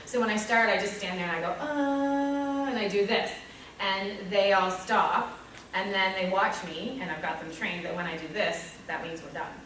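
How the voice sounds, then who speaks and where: A woman's voice: mid-range voice, steady tone, normal speed, sharp tone, distant mic, a little hiss or hum. Chatty woman teacher in echoey room. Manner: chatty, candid, acts out kids and herself. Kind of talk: talk to fellow teachers.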